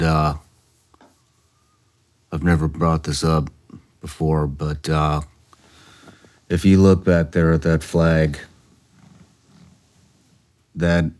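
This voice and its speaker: A male podcast host speaking slowly and hesitantly in an interview, pausing often with "uh.". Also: a bass voice, a little mellow. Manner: slow, hesitant, many "uh" pauses. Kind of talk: interview conversation. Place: podcast studio.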